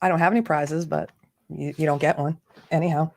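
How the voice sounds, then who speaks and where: A woman's voice: sits low, fairly even intonation, brisk, darkish tone, a little hiss or hum. A woman hosting a casual livestream, chatting in a bubbly way straight to her viewers and a remote chat. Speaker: livestream host.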